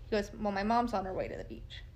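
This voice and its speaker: A woman recounting a true crime case by reading an exchange of texts aloud. Her pitch sits in the middle for a woman, and she keeps her delivery plain and matter-of-fact, breaking in with casual asides between messages. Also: fast, a little mellow, a little hiss or hum.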